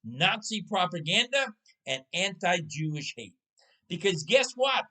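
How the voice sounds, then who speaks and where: Bright-voiced man telling stories. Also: high voice, sing-song, measured pace, low-quality recording. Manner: conversational, asks the listener rhetorical questions. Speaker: podcast host. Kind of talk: casual storytelling chat.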